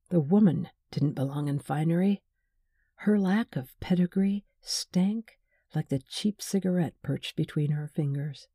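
A woman reads a novel aloud in an unhurried, wry way. Her voice is low, dark and gravelly, with a husky grain, and the recording is close and dry with no room sound. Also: no echo. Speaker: audiobook narrator. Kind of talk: scripted narration.

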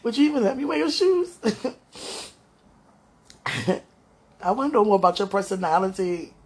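A woman's voice: mid-range voice, lively intonation, unhurried, darkish tone, breathy edge. A woman speaking tenderly to her viewers in an emotional spiritual monologue, as if talking with God.

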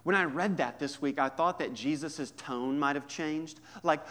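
A man preaching a sermon as a pastor, conversational and humorous, moving between hushed asides and emphatic points. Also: a little high, lively intonation, unhurried.

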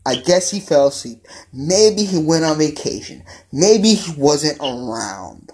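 A man's voice: fairly high pitch, expressive, a little slow, a little mellow. A male podcast host ranting angrily about football, repeating himself and swearing. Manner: angry, repetitive, profane ranting. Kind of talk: ranting sports podcast talk.

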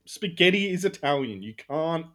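A man's voice: a little high, expressive, normal speed, a bit bright. A young man, chatting casually, who laughs often and argues back with some swearing. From Australia. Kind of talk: casual chat.

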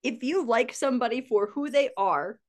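A woman's voice: a little high, lively intonation, moderate pace, slight background noise. Podcast host, woman; blunt, profane, laughs a lot, casual chat.

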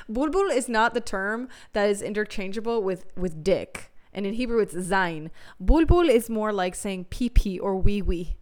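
A woman's voice: mid-range voice, animated, unhurried, darkish tone. A young woman hosting a podcast, telling frank, profane stories in a casual monologue and laughing often. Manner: candid, laughing, profane storytelling. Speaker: podcast host.

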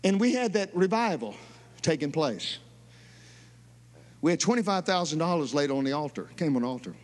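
A middle-aged man, a pastor, preaching a sermon in a church, telling stories in an emphatic, animated way. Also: a little high, normal speed, in a large hall. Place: church sanctuary.

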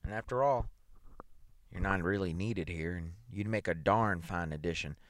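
A man doing a calm, probing psychologist. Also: low-pitched, normal speed, natural voice. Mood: coaxing. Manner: steady, coaxing, matter-of-fact.

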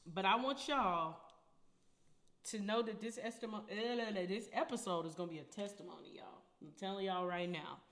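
A woman's voice: mid-range voice, moderate pace, fairly bright tone. A young adult woman hosting her own podcast, talking in a casual, preachy way and addressing her listeners as y'all. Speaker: podcast host. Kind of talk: casual faith talk.

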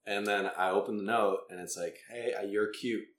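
A man's voice: fairly low pitch, moderate pace. A man in casual chat, telling a story with acted-out quotes and frequent laughter. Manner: animated, acts out quotes, laughs often. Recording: echoey room with faint noise.

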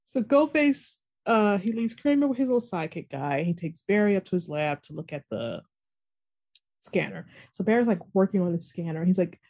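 Mellow, husky-voiced woman recapping casually. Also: lowish voice, expressive, moderate pace. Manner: chatty, playfully retells scenes. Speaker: podcast co-host. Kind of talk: casual TV episode recap chat.

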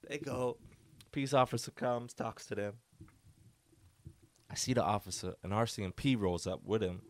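A man hosting a solo podcast, telling a story in a rambling, animated way full of "like.". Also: fairly low pitch, moderate pace, long pauses, dry recording. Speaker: podcast host. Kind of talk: casual storytelling.

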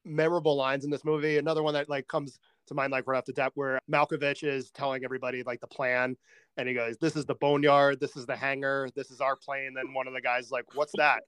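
A man co-hosting a casual movie podcast, relaxed and chuckling, peppering his talk with "like". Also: mid-range voice, quick pace, clear, resonant tone, no room sound. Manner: relaxed, chuckling, uses "like" a lot. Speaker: podcast co-host.

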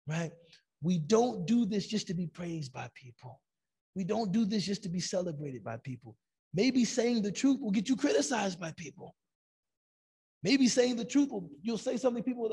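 A man's voice: high voice, normal speed, vocal fry, slightly rough. A man giving an Islamic lecture, telling stories animatedly and acting out quoted lines. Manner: animated storytelling, acts out quotes.

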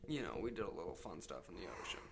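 A young man chatting casually with friends, quick to argue a point. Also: deep voice, big pitch swings, vocal fry, a crowd in the background. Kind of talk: casual chat.

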